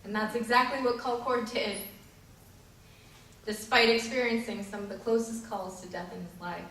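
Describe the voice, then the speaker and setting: A woman's voice: mid-range voice, steady tone, moderate pace, fairly bright tone. A woman giving a sermon and telling a story, in an earnest way with some fillers and restarts. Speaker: preacher. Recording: echoey hall, distant mic.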